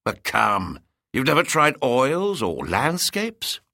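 A man voicing a calm, polite male painter of about forty who asks curious questions. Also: mid-range voice, slow, creaky, no room sound, clean studio sound, voice pushed up, full character voice.

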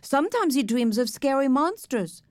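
A woman's voice: high voice, sing-song, normal speed, darkish tone, no room sound, voice pushed up. A woman voicing a cheeky, stubborn little boy who teases in a singsong voice.

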